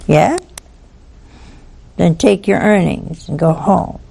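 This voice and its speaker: A woman's voice: lowish voice, takes it slowly, creaky, dark tone, husky. A woman preaching a televised sermon in a folksy, teasing way, full of rhetorical questions to her viewers.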